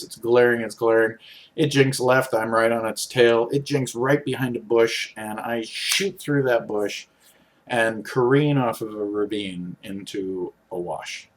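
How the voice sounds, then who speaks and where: Animated man telling a personal story. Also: on the low side. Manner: animated, with sudden jumps in loudness.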